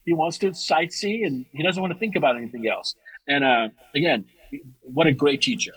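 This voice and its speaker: Speaking fairly quickly in a slightly rough voice, this middle-aged martial arts teacher chats as a podcast guest in casual conversation. The recording is rough but has no echo. An animated storyteller, he frequently starts sentences over and lifts his pitch to stress points.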